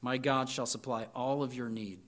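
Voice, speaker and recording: A man's voice: medium pitch, fairly even intonation, moderate pace, a bit bright, a little hiss or hum. A man preaching a sermon to students, reading scripture with emphatic lists and chatty asides. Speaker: pastor.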